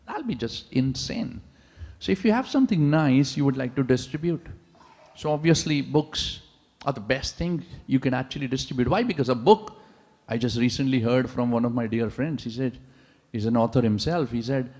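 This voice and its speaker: A man's voice: fairly high pitch, expressive, moderate pace, darkish tone. A man giving a sermon in a large temple hall, telling stories animatedly and asking the audience rhetorical questions. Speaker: preacher. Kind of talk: sermon with storytelling. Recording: long reverb of a large hall.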